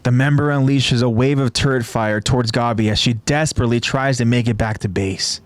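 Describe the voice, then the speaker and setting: A man who hosts a podcast, retelling an anime episode scene by scene in a steady, descriptive way. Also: mid-range voice, a little fast, dry recording. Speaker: podcast host.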